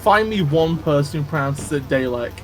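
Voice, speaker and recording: A man's voice: fairly high pitch, animated, normal speed, faint music behind. A man streaming a game, chatting casually and teasing his partner, swearing freely. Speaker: streamer, host. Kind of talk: casual gameplay chat.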